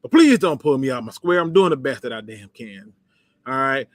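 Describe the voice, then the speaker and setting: A man's voice: medium pitch, normal speed, dry recording. A man hosting a casual sports livestream, reading viewer comments aloud and reacting with sarcasm and frequent laughter. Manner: animated, sarcastic, laughs often, talks to chat.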